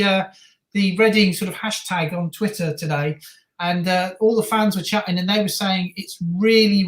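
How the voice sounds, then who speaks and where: A woman co-hosting a football watch-along stream, chatting in a lively way, laughing and shouting at the match. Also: medium pitch. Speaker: stream co-host. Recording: roomy echo.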